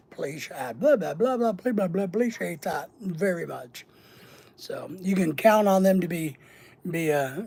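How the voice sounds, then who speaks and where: Recorded with no room sound, a middle-aged man hosts a casual livestream in a high-pitched, gravelly, slightly mellow voice with a breathy edge. He rambles and jokes while reading and answering chat, repeating words and making lists.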